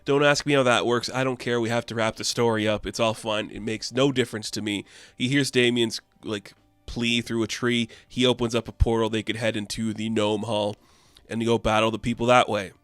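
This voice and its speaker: A man's voice: medium pitch, level tone, fairly quick, a bit bright, clean tone, no echo, soft background music. A man recapping a comic book in a casual, offhand and chatty way, full of fillers.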